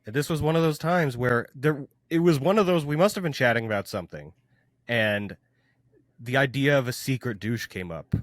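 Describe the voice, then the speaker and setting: A man co-hosting a podcast, chatting casually with friends and telling stories with an animated, laughing manner. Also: mid-range voice, moderate pace, no room sound, studio quality. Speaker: podcast host. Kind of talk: casual chat among friends.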